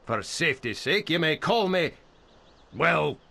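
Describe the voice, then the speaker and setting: A man's voice: a little high, big pitch swings, measured pace, gravelly, sharp tone, heavily acted. An actor playing a stammering, overly formal male messenger in a fantasy game, flustered and eager to please. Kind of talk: game voice acting.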